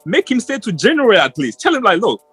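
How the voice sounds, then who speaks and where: High-voiced man giving rambling football opinions. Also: wildly swooping pitch, quick pace, fairly bright tone, slightly rough, no echo, faint music behind. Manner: rambling, restarts often, passionate opinions. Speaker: football podcast co-host. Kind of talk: casual post-match chat.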